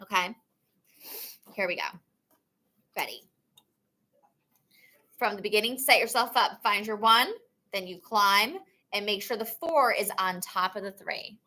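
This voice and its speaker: A woman's voice: mid-range voice, measured pace, long pauses, bright, forceful tone. A woman music teacher giving an upbeat, encouraging instrument lesson, counting the beats aloud in a chanting way. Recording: instruments playing along.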